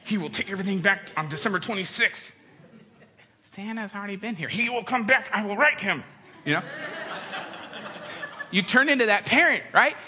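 A man in his thirties giving a humorous storytelling talk to an audience, animated and acting out quoted voices. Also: high voice, moderate pace, long pauses. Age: 30s. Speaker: speaker addressing an audience. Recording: long hall reverb.

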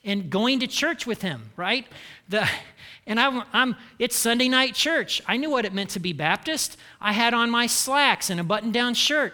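Bright high-voiced preacher in a reverberant hall. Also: male voice, animated, normal speed. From Indiana, United States. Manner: conversational, often asking "okay?" and "right?". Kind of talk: sermon.

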